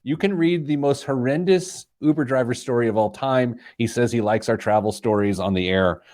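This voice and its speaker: A man's voice: medium pitch, moderate pace, a little mellow. A middle-aged man hosting a money radio show, joking loosely with his co-host. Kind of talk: casual banter, then show intro.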